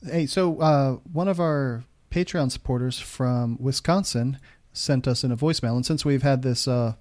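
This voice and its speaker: A man's voice: medium pitch, normal speed, a little mellow. A man hosting a podcast in a casual, easygoing way, joking with his co-host and reading out articles.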